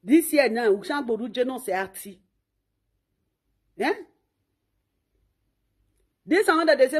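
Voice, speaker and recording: Scolding Nigerian woman, husky voice. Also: on the high side, expressive, normal speed, pauses often. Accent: Nigerian Pidgin English. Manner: scolding, insulting and mocking; refers to herself in third person. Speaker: online commentator. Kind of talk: ranting monologue.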